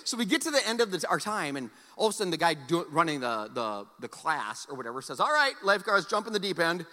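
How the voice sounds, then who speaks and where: Animated man preaching in a reverberant hall. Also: a little high, fast talker. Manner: animated storytelling, swings between loud exclamations and soft earnest appeals. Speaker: pastor. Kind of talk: sermon with personal story.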